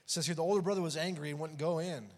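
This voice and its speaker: High-voiced preacher in a big echoing hall. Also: male voice, quick pace. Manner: dramatic swings between loud and hushed; acts out dialogue from scripture. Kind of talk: sermon. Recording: long hall reverb.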